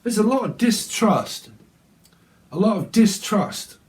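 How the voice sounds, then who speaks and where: A man's voice: sits high, sing-song, slow pace, darkish tone. A man giving a casual tarot reading at home, blunt, rambling and profane. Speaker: tarot reader. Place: at home, windy day.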